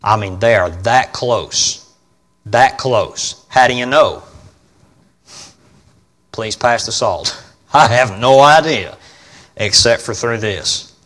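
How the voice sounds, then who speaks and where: A male pastor preaches in a folksy, emphatic voice and keeps putting questions to his congregation. His delivery swings from loud to quiet, and his voice sits at an ordinary middle pitch. A long reverb trails after him across a large hall. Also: takes it slowly. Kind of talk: sermon.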